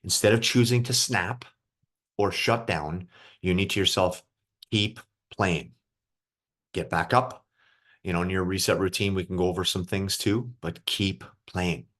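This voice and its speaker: With a low-pitched, slightly bright voice, a man works as a mental coach for young hockey players. The group session happens over video, and he stays casual and encouraging as he asks them questions.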